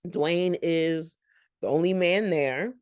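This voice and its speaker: A woman's voice: lowish voice, slow pace, a little mellow, clean tone, dry recording, highs cut off. A woman hosting a reaction channel, recapping a sitcom episode in a chatty, rambling way with laughing asides.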